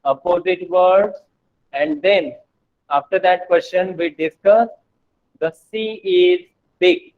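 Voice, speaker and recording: A male teacher with an Indian accent giving an online English lesson to children, speaking slowly and repeating words for the class. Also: high voice. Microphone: video call. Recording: tinny phone-like online call audio.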